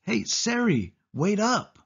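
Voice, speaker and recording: A man's voice: medium pitch, animated, moderate pace, breathy edge. A man voicing a cautious young boy who protests anxiously in a storybook reading. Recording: dull lo-fi audio.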